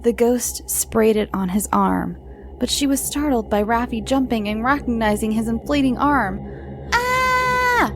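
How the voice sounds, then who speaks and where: Her voice is a little high, and the recording carries a slight hiss or hum. Hosting a children's program of creepy bedtime stories, she narrates in a slow, dramatic manner with occasional whispers, over faint music.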